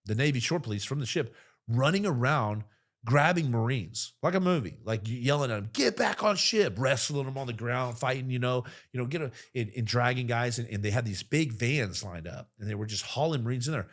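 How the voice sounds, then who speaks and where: A man in his forties, a military veteran and podcast guest, telling stories casually in an animated, profane way, often getting louder for emphasis. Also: mid-range voice, a little fast. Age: 40s. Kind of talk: casual storytelling.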